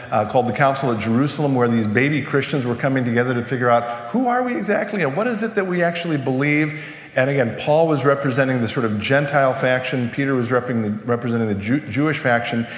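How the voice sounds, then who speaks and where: A pastor with a mid-range voice delivers a conversational sermon in a church sanctuary, posing questions to the congregation. The recording sounds like an echoey hall with long reverb.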